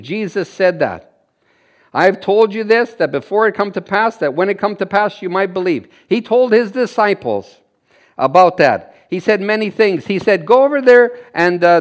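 A man from Canada preaching a sermon in an animated way, laughing and acting out the people he quotes. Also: high voice. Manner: animated, laughs often, acts out quoted voices.

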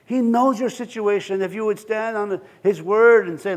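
A male pastor preaching a sermon in a church, animated and joking, acting out scenes and laughing with the congregation. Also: high-pitched, moderate pace, hardly any pauses.

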